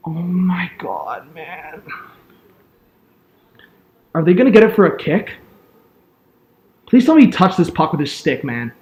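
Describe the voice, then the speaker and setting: A young man calling a hockey game as an excitable fan streamer, yelling at big plays and chatting with viewers. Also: high-pitched, unhurried, pauses often. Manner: yells and laughs at big plays, chats with viewers. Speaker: fan streamer doing live play-by-play. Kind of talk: excitable fan play-by-play commentary.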